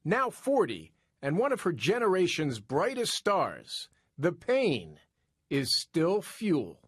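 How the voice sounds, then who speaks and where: A man's voice: on the high side, huge pitch swings, slow pace, slightly rough, dry recording, studio quality. Polished male news correspondent. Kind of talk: scripted narration and interview.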